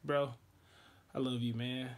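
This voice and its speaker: A man's voice: medium pitch, little pitch movement, slow, a little hiss or hum. A man in a comedy skit, talking in a laid-back, slangy way and calling everyone bro.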